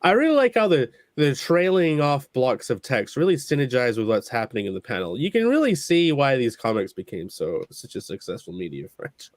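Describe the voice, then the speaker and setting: A man's voice: medium pitch, big pitch swings, a little fast, few pauses, no room sound, clean studio sound. A man co-hosting a casual podcast, sarcastic and joking, often slipping into silly mock voices. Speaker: podcast co-host. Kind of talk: casual chat.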